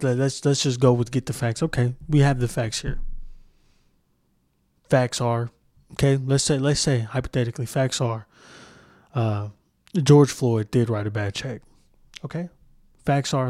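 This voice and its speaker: A man's voice: mid-range voice, normal speed, pauses often, darkish tone, no room sound. Young guy going off on his podcast, cussing a lot, mid voice, dead dry mic. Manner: profane, emphatic, mocking impressions. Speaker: podcast host. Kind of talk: heated solo podcast rant.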